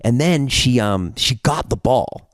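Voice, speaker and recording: A man's voice: mid-range voice, expressive, a little slow, no room sound, studio quality. A young man on a podcast telling a long story in casual chat, rambling with lots of fillers and restarts. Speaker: podcast guest.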